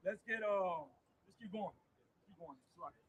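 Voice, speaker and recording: A man's voice: sits high, moderate pace, lo-fi sound, slight background noise. A man preaching with emphatic, repetitive delivery, calling out directly to his listeners. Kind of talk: street-style preaching on a live podcast.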